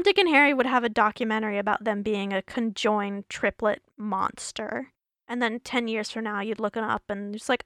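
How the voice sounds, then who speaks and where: A woman's voice: fairly high pitch, a bit bright, no room sound, studio quality. A woman hosting a solo podcast, rambling and giggling in casual chat, her voice worn out after hours of recording. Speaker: podcast host.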